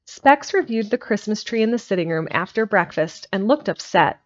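A woman narrating a classic storybook chapter in a steady, even storytelling manner, on a slightly muffled home stream recording. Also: mid-range voice, moderate pace. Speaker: audiobook reader.

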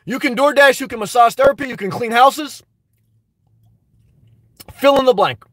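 A man's voice: extremely high pitch, normal speed, fairly bright tone, dry recording. A man hosting a live stream, reading viewer comments and giving emphatic, fired-up advice. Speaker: YouTube live stream host.

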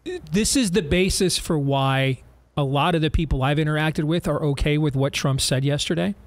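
A man hosting a political talk radio show, talking emphatically with sarcastic, rapid-fire riffs. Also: a little high.

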